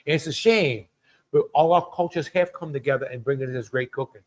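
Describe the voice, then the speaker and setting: A middle-aged man hosts a live cooking stream, chatting away, greeting viewers by name and laughing often. His medium-pitched voice is brisk and a little mellow.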